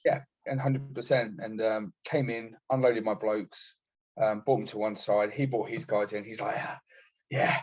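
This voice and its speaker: A lower-voiced British man recounting his army days as a podcast guest, blunt and full of swearing. He slips into quoting other people as he goes. The sound is dull and lo-fi. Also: little pitch movement, moderate pace, darkish tone. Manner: blunt, sweary storyteller acting out quotes. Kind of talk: casual war story telling.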